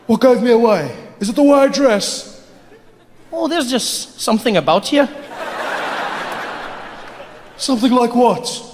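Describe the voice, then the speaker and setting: A man on stage playing a suave male spy trading smooth, flirty banter. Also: very high voice, very animated, takes it slowly, long pauses, background noise, heavily acted. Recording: echoey hall from far off.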